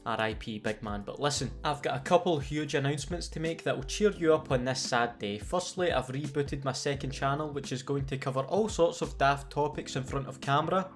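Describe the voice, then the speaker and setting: A Scottish man talking in a sardonic, sweary way, with a playful storytelling manner. He sounds like a gaming YouTuber reading a scripted comedic commentary, his pitch sitting in an ordinary middle range. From Scotland.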